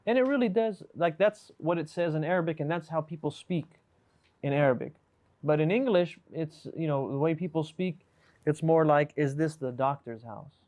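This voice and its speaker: A man's voice: on the high side, moderate pace, a little mellow. A man teaching an Arabic class over a video call, patiently questioning and correcting his students and mixing English with Arabic grammar terms.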